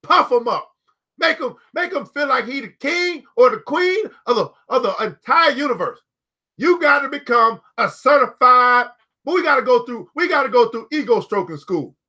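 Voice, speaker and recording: A man's voice: very high voice, lively intonation, moderate pace, bright, forceful tone. A man hosting a book club, reading aloud to a live audience and riffing on it with emphatic, playful repetition. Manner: emphatic and playful, repeating key phrases.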